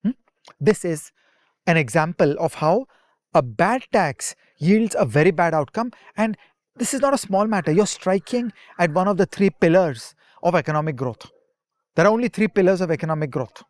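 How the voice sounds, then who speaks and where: A man's voice: high voice, expressive, normal speed, dry recording. Emphatic man explaining economics. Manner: emphatic, lecturing with rhetorical asides. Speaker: podcast co-host, economist. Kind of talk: explanatory podcast talk.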